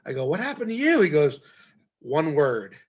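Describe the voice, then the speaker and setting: A male podcast host in casual interview chat, mostly short reactions and quick questions. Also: fairly high pitch, big pitch swings, husky, muffled recording.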